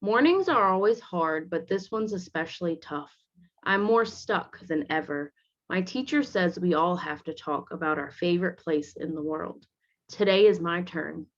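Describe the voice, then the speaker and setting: Teacher lady reading to kids, soft and patient, lowish voice, kinda muffled lo-fi sound. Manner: gentle, explains the pictures to young listeners. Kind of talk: read-aloud with commentary for children. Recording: dull lo-fi recording.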